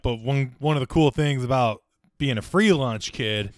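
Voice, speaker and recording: A man co-hosting a comedy podcast, chatting casually and dropping deadpan, wry one-liners. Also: mid-range voice, moderate pace, no room sound, studio quality. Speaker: podcast co-host.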